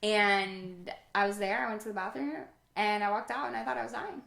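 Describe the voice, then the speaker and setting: A woman's voice: medium pitch, fairly even intonation, brisk, creaky, a bit bright. A woman co-hosting a podcast in casual chat, talking and laughing often. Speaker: podcast co-host. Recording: echoey room.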